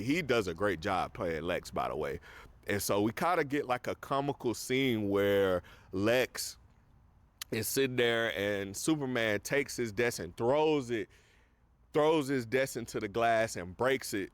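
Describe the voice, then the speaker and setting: A man's voice: medium pitch, no room sound. A man hosting a casual film review, retelling scenes in a rambling way full of fillers.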